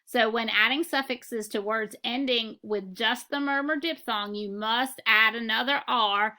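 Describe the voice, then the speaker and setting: A woman teaching a phonics lesson, speaking slowly and deliberately as she walks through spelling rules. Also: fairly high pitch, bright, forceful tone. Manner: slow, deliberate and instructive.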